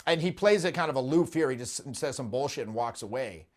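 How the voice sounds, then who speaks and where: A man's voice: medium pitch, animated, fast. A man, a dating coach, giving casual, emphatic commentary on a TV scene and often repeating himself.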